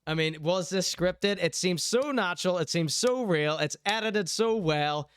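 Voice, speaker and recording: A man's voice: sits high, a little slow, a bit bright, clean tone. A man hosting a show, commenting on clips casually and enthusiastically, often repeating himself. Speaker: show host.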